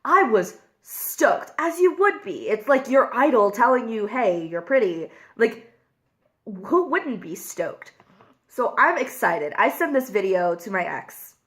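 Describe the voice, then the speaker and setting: Young woman vlogger, slow and candid, emotional storytelling with lots of fillers. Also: fairly high pitch, very animated, a bit bright. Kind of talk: casual confessional vlog while eating.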